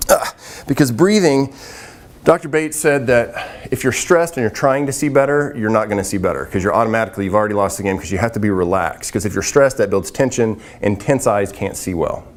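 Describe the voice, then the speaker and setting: A man's voice: fairly low pitch, a little fast. A man casually demonstrating breathing and eye relaxation exercises, chatty and laughing at his own slips. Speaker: vision exercise instructor.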